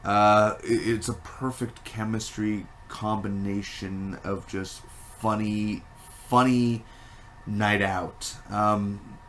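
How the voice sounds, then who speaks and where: A man giving a casual spoken movie review, rambling and animated, with many fillers and restarts. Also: fairly low pitch, takes it slowly, a little hiss or hum.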